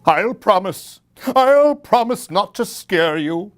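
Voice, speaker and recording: A mischievous storybook skeleton that clacks its bones and is secretly timid, as a man puts it on. It talks loudly and slowly, in a raised voice that swings up and down. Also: high voice, lively intonation, voice pushed up. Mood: scared. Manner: loud, eager exclamations.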